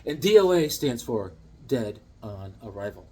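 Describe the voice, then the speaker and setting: Husky, lively man rambling about comics. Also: mid-range voice, measured pace. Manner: rambling storyteller with many fillers and restarts. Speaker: comic book collector. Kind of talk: casual show-and-tell vlog.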